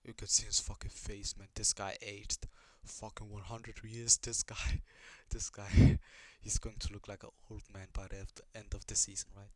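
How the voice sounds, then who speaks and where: A man's voice: lowish voice, level tone, normal speed, few pauses, darkish tone. Profane rambling young man reacting to anime. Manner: profane, rambling, puzzled questions, laughs a lot. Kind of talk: casual reaction commentary.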